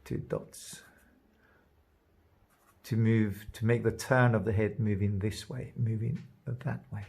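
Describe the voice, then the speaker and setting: A man giving a drawing lesson, thinking aloud as he works and trailing off into soft murmurs. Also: fairly low pitch, steady tone, normal speed, gravelly, husky. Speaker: art teacher. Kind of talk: drawing demonstration.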